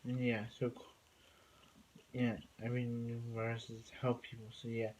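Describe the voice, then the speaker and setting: A man talks through a TV episode in a loose, rambling recap. He keeps circling back with fillers and restarts. His voice sits at an ordinary middle pitch. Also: monotone, moderate pace, a little mellow, a little hiss or hum, rough recording. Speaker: TV episode reviewer.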